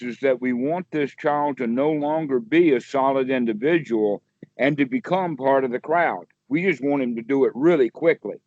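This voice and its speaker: A man's voice: mid-range voice, a little mellow, dry recording. A man, a meditation teacher, explaining in a rambling, folksy way during a casual one-on-one chat over a video call. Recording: dry, dull lo-fi call audio.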